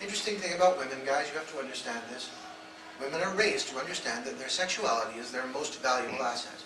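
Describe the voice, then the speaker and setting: A man's voice: mid-range voice, fast, background noise. A man giving a blunt, provocative talk to a live audience, telling stories and acting out the voices in them. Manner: storytelling, acts out quoted voices. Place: event hall. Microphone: audience phone camera. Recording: echoey phone recording from far off.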